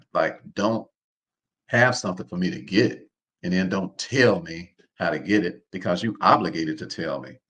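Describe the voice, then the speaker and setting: A man with a very low voice hosts a live online session. He drives his points home by repeating them and keeps asking his listeners to answer him. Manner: preacher-like, calls on the audience to respond; repeats phrases, informal speech. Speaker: host. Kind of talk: live online seminar talk.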